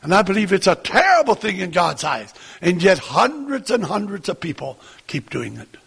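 A man's voice: high-pitched, big pitch swings, normal speed, creaky, hardly any pauses, fairly bright tone, husky, big-room sound. A man preaching a sermon to his congregation, earnest and repetitive, rising into emphatic lines.

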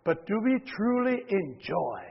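A man preaching a sermon, swinging from loud exhortation to hushed near-whispers, often repeating words and restarting. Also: high-pitched, sing-song, unhurried, gravelly, husky. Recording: dull lo-fi recording with long hall reverb.

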